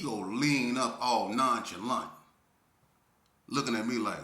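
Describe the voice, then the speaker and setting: A man telling a story from his youth in a casual, animated way, full of slang and often checking in with the listener. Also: on the low side, unhurried, long pauses, echoey room.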